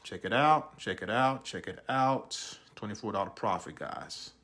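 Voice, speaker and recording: Hyped man pitching online earnings. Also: measured pace, fairly bright tone. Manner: salesy, repetitive, keeps addressing viewers as guys. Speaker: online income promoter. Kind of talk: hyped screen-share walkthrough.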